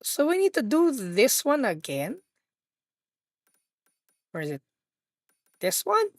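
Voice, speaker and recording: A young woman streaming a driving game, excitable and swearing, laughing and talking to her chat. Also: fairly high pitch, takes it slowly, dry recording. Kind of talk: casual live-stream chat while gaming.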